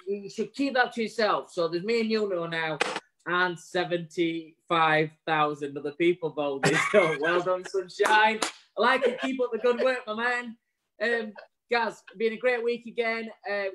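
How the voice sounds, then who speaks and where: A man's voice: high-pitched, a bit bright, rough recording. A man co-hosting a live online show, signing off bluntly and heartily, swearing freely while rallying his listeners. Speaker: co-host.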